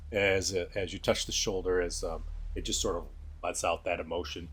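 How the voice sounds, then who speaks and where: A man narrating as game master in a relaxed, rambling way with many fillers. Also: sits low, normal speed, husky.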